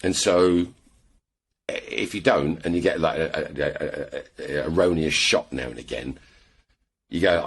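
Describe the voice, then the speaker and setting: A British man with a very low, husky voice, chatting as a podcast guest. He rambles through his stories, doubling back and adding asides as he goes. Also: moderate pace. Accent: British English. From England. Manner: rambling storyteller, lots of restarts and asides. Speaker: podcast guest, airgun shooter. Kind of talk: casual chat.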